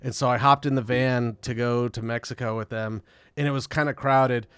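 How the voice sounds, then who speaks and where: Rambling guest, smooth voice, dry sound. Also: male voice, medium pitch, fairly even intonation, moderate pace, a bit bright, dry recording. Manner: rambling, swears freely, laughs often. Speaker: podcast guest, musician. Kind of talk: casual podcast chat.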